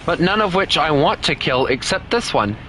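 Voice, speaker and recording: A man's voice: fairly high pitch, big pitch swings, normal speed, slight background noise, rough recording. A young man, chatting casually and ranting while he plays a game from his home setup. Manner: loose, rambling, swings into loud frustrated outbursts. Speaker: gaming streamer. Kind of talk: casual gameplay commentary.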